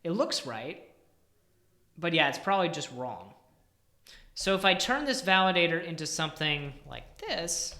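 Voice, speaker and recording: This man's voice is a little high, sing-song, pushed and bright, and he is in no hurry. He codes live on stream, thinking aloud, muttering with exasperation and occasionally sinking to a near whisper, captured with a roomy echo.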